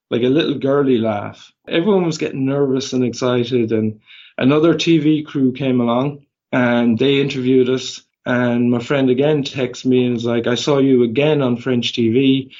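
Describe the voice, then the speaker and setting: An Irish man, a podcast guest, telling animated stories casually and acting out the dialogue. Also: mid-range voice. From Ireland. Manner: animated, quick anecdotes with quoted dialogue. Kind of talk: casual storytelling. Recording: slightly dull lo-fi audio.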